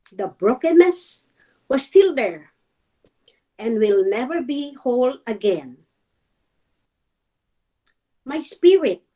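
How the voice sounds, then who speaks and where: A woman reads her own poem aloud at an online open mic, her voice fairly high. She takes it very slowly and haltingly, close to tears. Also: a little mellow, poor audio. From Dover, Delaware. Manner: slow, halting, emotional delivery. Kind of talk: emotional poetry reading. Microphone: video call.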